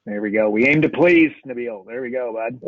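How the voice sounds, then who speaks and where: Upbeat host on a tinny call line. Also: male voice, medium pitch, brisk, dry recording. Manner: jokey, energetic, laughs often. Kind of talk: casual live call chat. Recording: tinny phone-like call audio.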